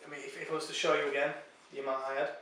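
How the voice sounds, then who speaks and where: A man with an even, flat tone interviews a contestant hesitantly and sincerely, with many pauses and fillers. He sounds distant from the mic in a very echoey room. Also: on the high side, slight background noise. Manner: halting, filler-heavy, sincere. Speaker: host. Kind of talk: post-challenge interview.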